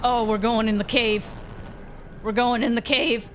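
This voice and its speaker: A woman talks through a horror game in a slow, unhurried way, dry and sarcastic, with plenty of swearing. Her voice sits a little high for a woman. She now and then plays up mock fear with exaggerated squeals. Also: fairly even intonation, soft background music. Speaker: gaming streamer. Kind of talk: casual let's-play commentary.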